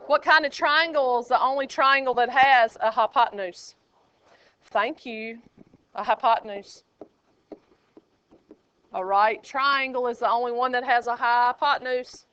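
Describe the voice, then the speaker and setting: A woman's voice: fairly high pitch, pushed and bright, smooth, muffled recording. Chatty woman teaching a math class. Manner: chatty, joking, asks the class questions. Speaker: high school math teacher. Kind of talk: classroom lecture.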